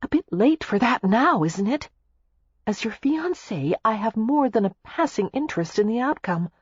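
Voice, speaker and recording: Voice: mid-range voice, big pitch swings, normal speed, breathy edge, dry recording, lo-fi sound, voice pushed up. A narrator voicing a spirited young American heiress in love in an audiobook, speaking earnestly and insistently. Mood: teasing. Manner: earnest, pleading. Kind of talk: audiobook character reading.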